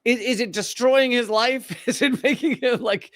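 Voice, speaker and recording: A man's voice: very high voice, normal speed, fairly bright tone, dry recording, studio quality. A man hosting a commentary show, reacting to clips with sarcasm and frequent laughter. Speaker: commentary podcast host.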